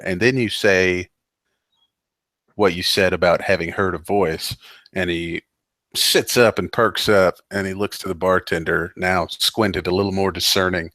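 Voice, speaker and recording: A man's voice: deep voice, a bit bright, no echo. A man narrating as game master, rambling with lots of fillers and restarts.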